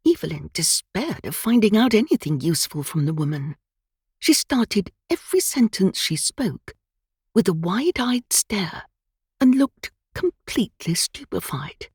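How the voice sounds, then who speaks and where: A woman narrating a cosy mystery audiobook in an expressive, measured storytelling manner. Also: mid-range voice, husky, no echo, studio quality. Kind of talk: scripted narration.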